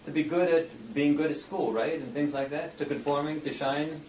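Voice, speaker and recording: A man's voice: fairly high pitch, steady tone, moderate pace, a little mellow, reverberant. Male lecturer, chatty with rhetorical questions; far from the mic, dull sound, faint room hum. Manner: conversational, asks rhetorical questions. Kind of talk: classroom lecture. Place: classroom. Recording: dull distant classroom recording.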